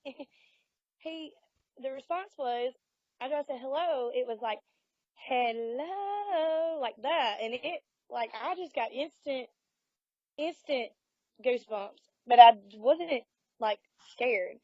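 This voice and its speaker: A woman's voice: sits high, a little slow, pauses often, no echo. Southern woman telling a ghost story. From Alabama. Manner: animated storyteller, acts out quotes. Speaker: paranormal investigator guest. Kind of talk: casual storytelling interview. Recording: dull lo-fi audio.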